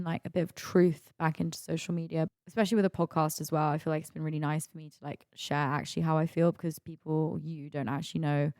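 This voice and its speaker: A woman's voice: lowish voice, dry recording, clean studio sound. A woman hosting a solo podcast, talking candidly and confidingly in a rambling way full of "like". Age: 20s. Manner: confiding, rambling, heavy use of "like". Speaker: podcast host.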